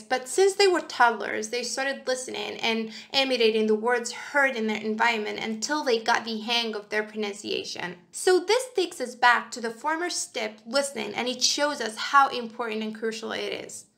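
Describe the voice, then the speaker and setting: Gravelly-voiced woman teaching pronunciation. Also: a little high, pushed and bright. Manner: clear, emphatic, demonstrates word stress slowly. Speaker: English teacher. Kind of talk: scripted lesson narration.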